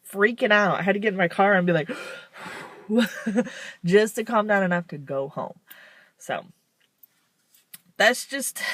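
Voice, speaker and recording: A woman vlogs to camera in a casual, confessional way, rambling and frank with weary, self-deprecating laughs. Her voice is fairly low and a bit bright, with no room sound.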